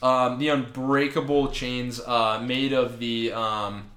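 A man in casual podcast chat, retelling a comic book with lots of swearing and quick acted-out lines. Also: medium pitch, reverberant. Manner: animated, swears freely, acts out characters' lines.

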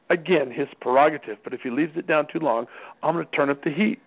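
A man's voice: a little high, animated, fast, creaky, breathy edge. Man telling a parenting story over tinny radio. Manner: acts out dialogue with changing voices. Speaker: parenting speaker. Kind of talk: folksy storytelling talk. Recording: tinny phone-like radio recording.

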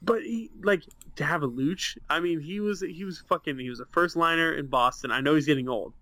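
A young man talking sports on a webcam podcast, swearing freely as he vents about his teams. His voice sits a little high and the sound is dry with no room echo. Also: fairly quick, pushed and bright. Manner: profane, heated, ranting. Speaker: podcast co-host. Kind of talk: casual sports chat.

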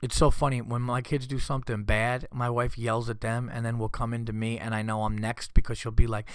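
A man's voice: medium pitch, level tone, a little fast, smooth, no echo, clean studio sound. A father hosting a podcast, telling rambling comedic stories in casual chat and acting out his family's quoted lines. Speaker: podcast host.

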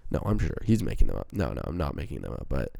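A man's voice: a bass voice, very animated, fast talker, vocal fry, mellow, dry recording. A man hosting a casual solo podcast, rambling in a profane, self-mocking way into a handheld microphone. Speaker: podcast host.

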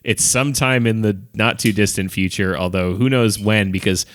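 A man chatting casually about a film, animated and often bursting into high laughter. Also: moderate pace. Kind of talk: casual chat recapping a film.

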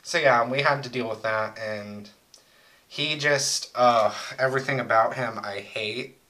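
Bright-voiced young man telling crude stories. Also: mid-range voice, measured pace, low-quality recording. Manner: rambling, crude, joking storyteller. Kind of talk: casual chat.

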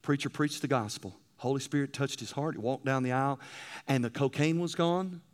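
A male preacher delivering a sermon, telling stories and swinging between loud emphasis and hushed passages. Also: mid-range voice, fairly quick.

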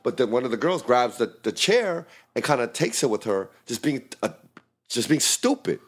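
A man, a bouncer and podcast co-host, telling a profane, animated story and acting out the voices and sound effects. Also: mid-range voice, normal speed. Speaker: works as a bouncer. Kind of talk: casual storytelling chat.

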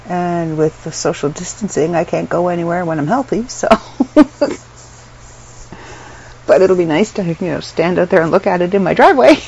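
A woman's voice: on the low side, normal speed, darkish tone, husky. A middle-aged woman from Canada, unwell and tired, chatting casually in a rambling way from her bedroom, with lots of ums and little laughs. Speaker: vlogger. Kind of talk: casual chat to camera. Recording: dull lo-fi sound with faint room noise.

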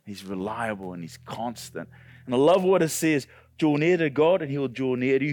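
A male pastor preaching a sermon with passion, often climbing to loud, high peaks. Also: animated, moderate pace, dry recording. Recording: dry close sound with faint music.

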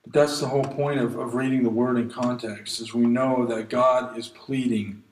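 A man's voice: medium pitch, steady tone, moderate pace, hardly any pauses, reverberant, rough recording. A man preaching a sermon, reading scripture aloud and pleading earnestly with his listeners. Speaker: pastor.

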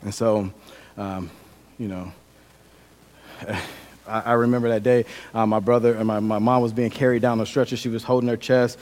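A man's voice: lowish voice, little pitch movement, normal speed, long pauses. Earnest young man preaching a testimony. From Milwaukee, Wisconsin. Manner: earnest storytelling, shifting from loud to quiet. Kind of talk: sermon with personal testimony.

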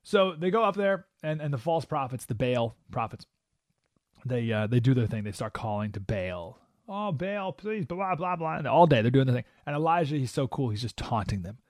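A man's voice: medium pitch, a little fast, no room sound, studio quality. A male radio talk show host delivering an emphatic, preachy opinion monologue. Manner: animated, emphatic, preachy with acted-out quotes.

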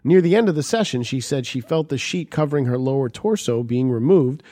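A man's voice: mid-range voice, fairly quick, no echo, clean studio sound. Man swearing his way through casual chat. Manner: profane, animated when mimicking people.

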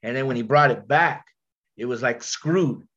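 A man with a nasal voice, a rapper guest telling a story in casual chat, slangy and quick to repeat and restart his words. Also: medium pitch, steady tone, a bit bright, dull audio.

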